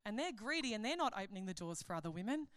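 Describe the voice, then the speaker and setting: A woman giving a sermon at a conference, chatty and animated, joking and laughing at her own stories. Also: mid-range voice, racing, clean tone, dry recording, studio quality. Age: adult. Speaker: conference speaker, pastor.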